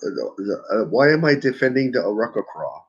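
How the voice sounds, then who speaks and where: Man, tabletop player, husky, lively pitch, goofy. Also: moderate pace, dull audio. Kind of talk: casual game chat.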